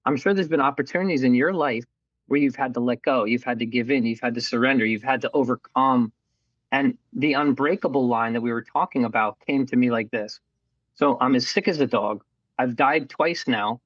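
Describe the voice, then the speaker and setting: A man's voice: medium pitch, fairly quick, no room sound, muffled recording. A middle-aged man telling his life story in a candid, casual interview, acting out what people said to him. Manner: candid, animated storyteller who acts out quoted voices and swears casually.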